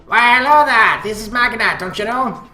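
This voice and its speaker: A man's voice: very high voice, moderate pace, pushed and bright, voice pushed up, exaggerated voice. A man voicing a cheerful teen girl who talks in a sing-song drawl and tags lines with "you know", recorded in a roomy space with faint music. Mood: playful.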